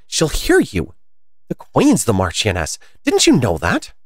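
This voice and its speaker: A man reading a storybook aloud and voicing a timid, anxious little rabbit who speaks in a hushed voice. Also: medium pitch, huge pitch swings, measured pace, dry recording.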